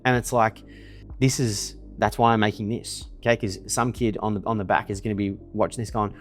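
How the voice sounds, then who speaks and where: A man's voice: fairly low pitch, fairly even intonation, a little fast, soft background music. Brash, swearing young man. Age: 20s. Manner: boastful and profane, keeps tagging "okay?". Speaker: email marketing business owner. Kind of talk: brash casual monologue to camera. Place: indoors at his desk in a villa.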